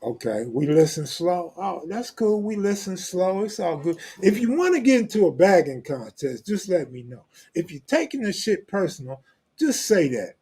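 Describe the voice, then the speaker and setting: Husky-voiced joking Los man. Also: high-pitched, sing-song, moderate pace, dark tone. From Los Angeles, California. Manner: blunt, profane, joking street talk. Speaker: host. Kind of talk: live stream, reading viewer comments.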